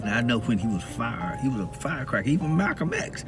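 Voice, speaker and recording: Man from the Southern US, preachy casual vlog talk, lots of laughing, very animated pitch, music playing behind. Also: quick pace. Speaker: video blogger. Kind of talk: casual spoken monologue.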